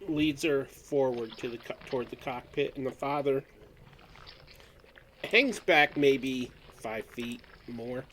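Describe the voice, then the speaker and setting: A man's voice: medium pitch, slow pace, low-quality recording. A man in a mid-range voice running a tabletop game, walking players through moves and rules at an easy pace. A faint hum sits under the recording. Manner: relaxed, explains rules step by step. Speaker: game master.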